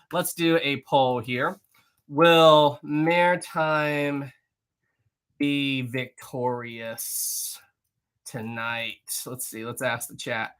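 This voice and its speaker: An excitable host of a live stream, chatting casually with viewers and reading out their messages. The voice is bright and sharp, and the talk rambles into asides and quick laughs. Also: medium pitch.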